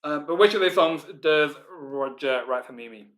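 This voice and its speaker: A Northern English man runs a live online pub quiz in a bright, forceful voice pitched a little high. He chats loosely with players, full of ums, and then reads each question slowly and repeats it. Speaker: quiz host.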